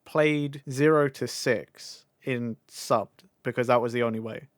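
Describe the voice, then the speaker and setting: A man's voice: mid-range voice, steady tone, measured pace, dry recording, studio quality. A man co-hosting a casual podcast chat, easygoing and chuckling along as he talks. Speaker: podcast co-host.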